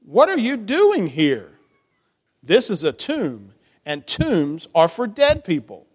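A man reads a storybook to children at a slow, deliberate pace, his voice sitting a little high for a man. He is animated and keeps turning to ask the kids questions. A long reverb from the church sanctuary trails after each phrase. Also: breathy edge. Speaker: children's message leader.

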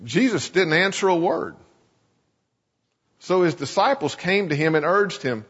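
A male pastor preaching in a church sanctuary, with a slightly husky voice that rises and falls with lively, animated pitch. The recording is dull and lo-fi, and a long echo hangs in the room. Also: measured pace, long pauses. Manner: storytelling, dramatizing scripture. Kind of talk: sermon.

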